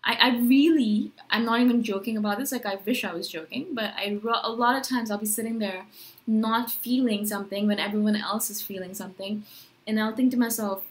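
A woman vlogger talking casually to camera, rambling and animated, full of "like" and self-questions. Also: on the high side, a little fast. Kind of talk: casual talking-head monologue.

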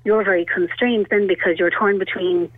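A woman's voice: medium pitch, steady tone, normal speed, breathy edge, no room sound. Irish woman talking over a phone line. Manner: chatty and rambling, full of "like" and "you know". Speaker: radio caller. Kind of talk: telling a personal story on a call-in show.

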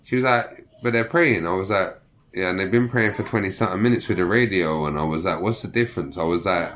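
A man's voice: low voice, fast. A young man telling prison stories in casual slang, swearing and acting out the people he quotes. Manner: profane, animated, acts out quoted voices. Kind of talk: casual storytelling.

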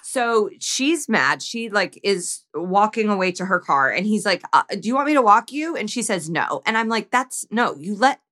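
A woman's voice: mid-range voice, lively intonation, normal speed, hardly any pauses, sharp tone. A woman co-hosting a podcast, making wry, joking asides during a casual movie recap. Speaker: podcast co-host.

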